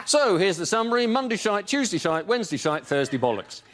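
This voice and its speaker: A man's voice: sits high, very animated, a little fast. A man on a comedy panel show giving dry, mock-newsreader one-liners. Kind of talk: quick-fire stand-up gags. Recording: heavy background noise.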